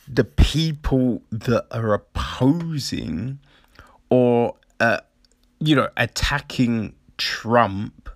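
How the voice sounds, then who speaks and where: A man's voice: mid-range voice, dry recording, studio quality. A man hosting a podcast, ranting casually with heavy swearing and sarcastic mock voices. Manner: profane, sarcastic, mocking voices of others. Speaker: podcast host.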